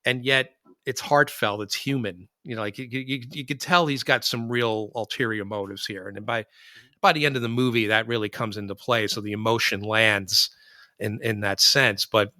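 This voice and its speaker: A man hosting a podcast, talking through movies in a loose, animated, rambling way. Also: lowish voice, moderate pace, no echo, studio quality. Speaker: podcast host. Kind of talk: casual film discussion.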